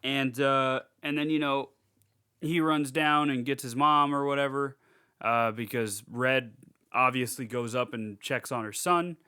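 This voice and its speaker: A man's voice: mid-range voice, unhurried, sharp tone, clean tone. A young man recapping a movie in casual podcast chat, rambling with lots of fillers and swearing freely. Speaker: podcast co-host.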